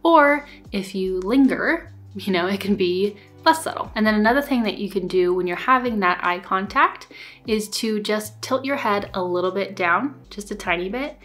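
A young woman vlogging advice to camera in a relaxed, conversational way, often checking in with "right?". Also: mid-range voice, normal speed. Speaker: lifestyle vlogger giving dating advice. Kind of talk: casual instructional talk to camera.

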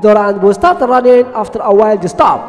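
A man's voice: high voice, animated, quick pace. A man retelling a cartoon episode in simple, broken phrasing. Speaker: narrator. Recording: echoey with faint background music.

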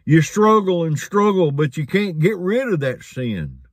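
Slow, lively preacher. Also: male voice, fairly high pitch, no echo, studio quality. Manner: folksy storytelling, chuckling. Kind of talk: sermon.

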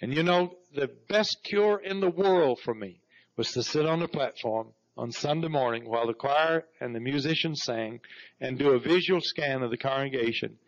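Fervent storytelling preacher, lo-fi church tape. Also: male voice, medium pitch, moderate pace. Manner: storytelling preacher, repeats "Praise God" with rising fervor. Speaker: pastor. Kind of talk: sermon. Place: church sanctuary. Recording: dull lo-fi 1991 church recording.

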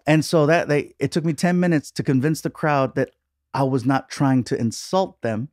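A man's voice: fairly high pitch, normal speed, a little mellow, no echo, studio quality. A man who is a comedian guest on a podcast, telling chatty stories and laughing often. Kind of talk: casual chat.

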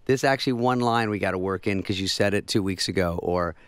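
A male comedian telling casual anecdotes on a talk show, dry and quick, dropping into voices for the people in his stories. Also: low-pitched, clean tone, no echo. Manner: dry storytelling, mimics others in quick voices. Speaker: comedian guest.

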